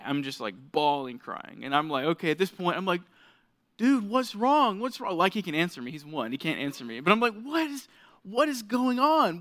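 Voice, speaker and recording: A young man preaching to a college group, casual and chatty, acting out parts of his story. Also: a bit bright. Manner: casual, storytelling, acts out scenes with rising pitch. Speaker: pastor. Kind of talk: sermon. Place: lit stage before a college group.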